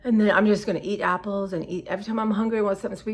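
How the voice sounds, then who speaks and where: A woman's voice: medium pitch, quick pace, slightly rough. A woman vlogging in a casual, rambling way, chatty and scattered, sounding tired and emotional. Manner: scattered, chatty, says y'all often. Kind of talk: casual rambling chat to viewers.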